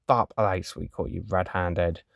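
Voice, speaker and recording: A man's voice: deep voice, steady tone, normal speed, creaky, no room sound, studio quality. A man voicing a stern comic-strip police officer who arrests people for farting. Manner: stern, tough-cop talk.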